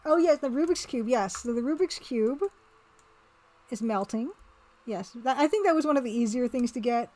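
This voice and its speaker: A woman with a somewhat high voice talks loosely through her artwork on a live stream. She rambles, restarts, and keeps replying to chat in an easygoing, chatty way. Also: lively intonation, moderate pace, a little mellow. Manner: rambling, chatty, reads and answers chat, laughs often. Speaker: streamer and pixel artist.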